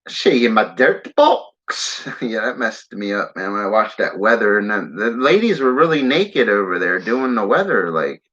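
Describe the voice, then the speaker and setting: A man's voice: on the low side, lively intonation, moderate pace, hardly any pauses, fairly bright tone. A man from the Philadelphia area hosting a casual livestream, rambling and saying "man" a lot while he smokes. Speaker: livestream host. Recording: dull lo-fi stream audio.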